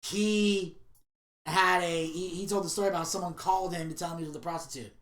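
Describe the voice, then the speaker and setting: A woman's voice: lowish voice, steady tone, brisk. A woman co-hosting a podcast, telling rambling, profane stories in casual chat. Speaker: podcast co-host. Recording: roomy echo.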